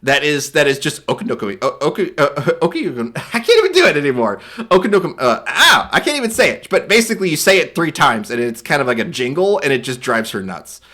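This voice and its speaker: A young man streaming, casually reacting to viewer art and reading its captions aloud, laughing often and slipping into quick silly voices. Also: a little high, big pitch swings, pushed and bright.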